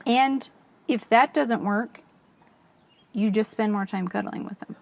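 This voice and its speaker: A woman co-hosting a parenting podcast, talking conversationally about her children and slowing to stress her points. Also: mid-range voice, vocal fry, no room sound. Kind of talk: casual podcast chat.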